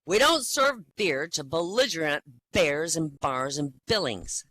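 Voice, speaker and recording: A man's voice: on the high side, lively intonation, unhurried, bright, forceful tone, exaggerated voice. Insistent bartender, as a man tells it. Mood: firm. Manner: firm, rising emphatic insistence. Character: stubborn male bartender refusing service.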